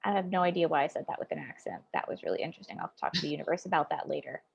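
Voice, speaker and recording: A woman guest speaking as a psychic in a casual interview, animated, swinging from loud emphasis to quiet asides. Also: deep voice, racing, creaky, husky, lo-fi sound.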